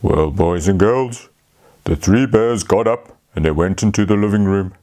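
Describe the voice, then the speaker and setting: A man telling a fairy tale to children, speaking slowly and talking to them directly. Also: lowish voice. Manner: slow, lively, talks to the children. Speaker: storyteller. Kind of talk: children's storytelling.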